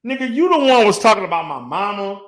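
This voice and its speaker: A man's voice: high voice, very animated, fast, a bit bright. A man ranting in a response video, profane and mocking, heated and insulting. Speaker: online commentator. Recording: echoey room.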